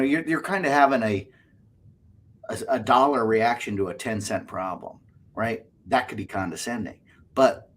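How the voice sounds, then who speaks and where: A man co-hosting a casual podcast chat, animated and fond of acting out little quoted exchanges. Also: medium pitch, normal speed. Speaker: co-host.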